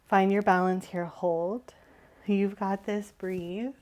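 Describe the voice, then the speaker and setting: A woman instructor giving calm, encouraging yoga cues while moving, slightly out of breath. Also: mid-range voice, takes it slowly. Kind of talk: guided yoga class cues.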